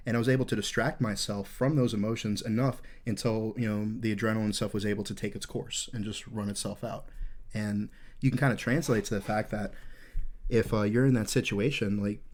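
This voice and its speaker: Here a man in his thirties hosts a podcast, recounting a story in casual speech that's earnest, intense, rambling with fillers, and laced with swearing nearly every sentence. He speaks a little fast in a fairly low, darkish voice with a steady tone.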